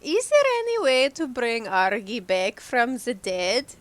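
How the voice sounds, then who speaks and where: Female player, playful and teasing, bright lively high voice, takes her time. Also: a little slow. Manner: playful and cheeky. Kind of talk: casual tabletop role-play.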